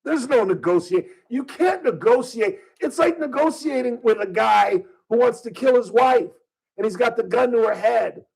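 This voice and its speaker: A man's voice: very high voice, expressive, normal speed, vocal fry, a little mellow, breathy edge, rough recording. A male talk radio host speaking from a studio, delivering a combative opinion monologue full of rhetorical questions. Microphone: studio microphone.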